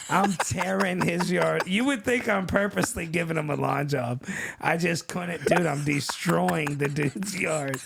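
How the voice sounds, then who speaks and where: A man telling wild stories in casual chat, animated and laughing as he acts out other people's lines. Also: fairly high pitch, unhurried, gravelly, background noise.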